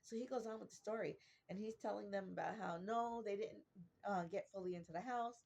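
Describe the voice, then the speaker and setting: A woman's voice: mid-range voice, a little fast, vocal fry, darkish tone. A woman vlogger telling a rambling, chatty anecdote from her bed in a casual storytelling style. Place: in her bedroom, sitting in bed.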